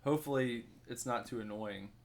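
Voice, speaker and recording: A man's voice: medium pitch, brisk. Laid-back male podcast co-host. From Ohio. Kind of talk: casual chat.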